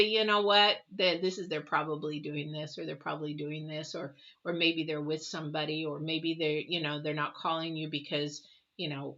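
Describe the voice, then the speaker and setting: Bright-toned woman giving a rambling tarot reading. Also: mid-range voice. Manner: rambling, conversational advice with many fillers. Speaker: tarot reader. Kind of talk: casual spoken tarot reading. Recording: dull lo-fi audio.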